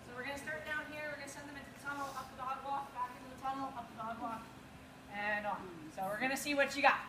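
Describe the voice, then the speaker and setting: A woman's voice: high-pitched, fairly even intonation, quick pace. Woman dog-agility instructor, echoey. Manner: coaching, calls cues to the dog in bursts. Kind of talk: outdoor training class instruction. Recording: echoey with loud background noise.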